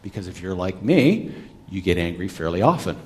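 A man's voice: sits low, very animated, normal speed, darkish tone. A man giving a sermon as a pastor, talking conversationally with the congregation and asking rhetorical questions. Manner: talks back with listeners.

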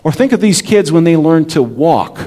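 A man's voice: fairly high pitch, big pitch swings, moderate pace, warm tone. A man in his forties, a pastor, preaching a sermon in a conversational way and often checking in with the congregation.

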